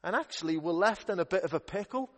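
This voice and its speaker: A young man working as a youth minister, telling a Bible story to children in a playful, upbeat way. His voice sits fairly high for a man. The church hall around him adds a long, ringing reverb. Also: animated, fast talker.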